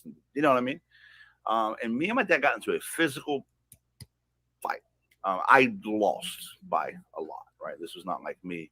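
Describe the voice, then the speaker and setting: A man on a podcast telling a personal story in a heated, profane way, swinging from loud outbursts to hushed asides. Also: on the low side, big pitch swings, moderate pace, husky. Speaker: podcast guest.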